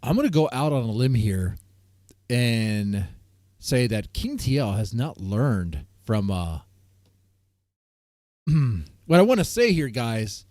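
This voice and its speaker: A man's voice: medium pitch, big pitch swings, takes it slowly, pauses often, darkish tone, no echo, studio quality. A man hosting a stream, reacting to a clip with incredulous questions and laughter. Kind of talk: reaction commentary.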